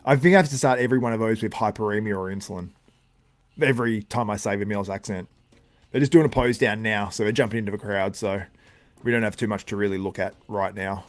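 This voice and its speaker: A man's voice: on the low side, fast. Man with a tired, sore voice. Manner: chatty, reacts to chat with laughs. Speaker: livestream host. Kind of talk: casual live commentary.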